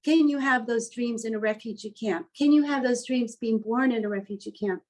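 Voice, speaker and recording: A woman artist being interviewed, speaking with a slightly high voice. She tells her story in a heartfelt, earnest way and lets her emotion show. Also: moderate pace, darkish tone, poor audio.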